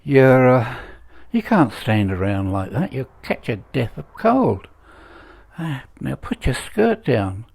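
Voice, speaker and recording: A man's voice: mid-range voice, sing-song, takes it slowly, vocal fry, a little mellow, breathy edge, exaggerated voice. A man in his seventies half-heartedly voicing a scolding male policeman in a joke, with no real accent. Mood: chiding. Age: 70s. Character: scolding male Glasgow policeman on night beat.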